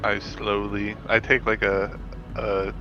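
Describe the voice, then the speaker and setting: A man taking part as a player in a tabletop game, speaking haltingly. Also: fairly low pitch, level tone, lo-fi sound, over music.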